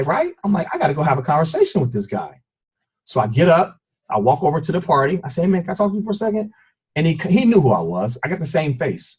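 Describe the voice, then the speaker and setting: Husky man, earnest personal testimony. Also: medium pitch, a little mellow. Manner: earnest, intense storytelling. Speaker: guest speaker. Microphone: conference call.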